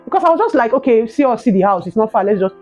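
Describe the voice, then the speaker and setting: A young adult woman with a Nigerian accent, telling a personal story in a vlog, animated and emotional, ending in prayerful encouragement. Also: on the high side, very fast, lo-fi sound, faint music behind. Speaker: vlogger.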